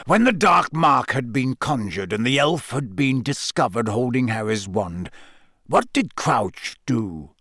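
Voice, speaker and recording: A man's voice: medium pitch, expressive, a bit bright, no room sound, studio quality. A man reading aloud, voicing a grave, brooding adult man who mutters thoughtfully in a storybook. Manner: muttering, measured.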